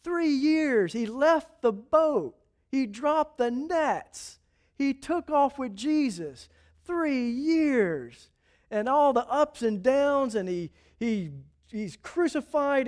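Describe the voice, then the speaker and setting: A male preacher retells a scripture story as a casual, lively sermon. His voice sits high for a man, and he keeps his chatty asides animated. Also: takes it slowly.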